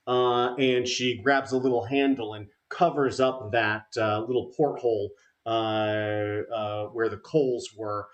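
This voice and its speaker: A man narrating as game master for a tabletop game, halting and full of fillers. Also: medium pitch, fairly even intonation, lo-fi sound.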